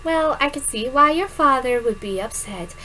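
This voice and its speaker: A woman's voice: sits high, animated, normal speed, sharp tone, slight background noise, poor audio. Woman doing a fussy protective mom. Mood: concerned. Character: protective middle-aged mother, fussy and caring.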